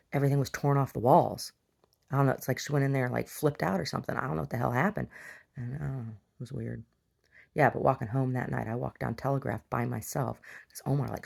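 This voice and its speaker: A woman's voice: very deep voice, gravelly, darkish tone, breathy edge. A woman telling a personal story in a video diary, rambling with many restarts and asides. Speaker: video diarist. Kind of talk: casual storytelling.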